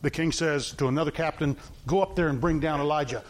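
A man's voice: fairly high pitch, quick pace, slight background noise. A middle-aged man preaching an informal sermon, telling stories with gusto, acting out the characters and laughing at them.

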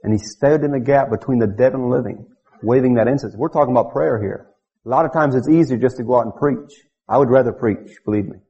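A man's voice: medium pitch, fast, mellow, husky. Fervent male preacher, lo-fi. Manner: fervent, rising to emphatic peaks. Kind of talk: sermon. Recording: dull lo-fi recording.

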